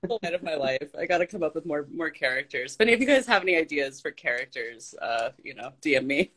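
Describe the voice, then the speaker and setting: A woman's voice: low-pitched, very animated, fast, a bit bright. A woman talking as a guest in a casual conversation, chatty and laughing often, with many fillers.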